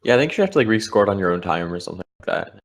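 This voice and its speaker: A man's voice: low voice, sing-song, very fast. A man giving live commentary on a board game match, explaining the strategy of each move. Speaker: Scrabble commentator.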